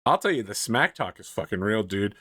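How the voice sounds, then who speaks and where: A man's voice: fairly low pitch, a little fast, no echo. Guy hosting a podcast, laughs a lot, swears, dry close mic. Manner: animated, laughs often, swears freely. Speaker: podcast host. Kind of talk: casual chat.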